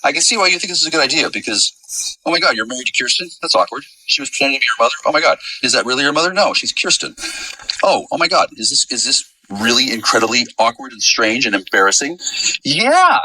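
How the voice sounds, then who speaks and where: A man's voice: quick pace, pushed and bright, breathy edge, no room sound, far from the mic, poor audio. A man talking alone in a rambling, sarcastic monologue that accuses people, with his voice leaping up suddenly. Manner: sarcastic, accusing rant with sudden pitch jumps. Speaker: vlogger.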